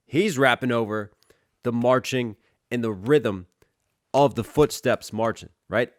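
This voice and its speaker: A man's voice: medium pitch, no room sound, studio quality. A man, a rapper, breaking down a song in reaction commentary, analytical and often checking in with "right?". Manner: analytical, keeps asking "right?".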